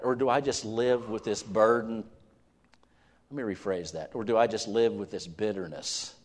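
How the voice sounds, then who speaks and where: A man's voice: medium pitch, darkish tone. A man preaching a sermon. He puts questions to his listeners and reads scripture aloud with rising fervor. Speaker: pastor. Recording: long hall reverb.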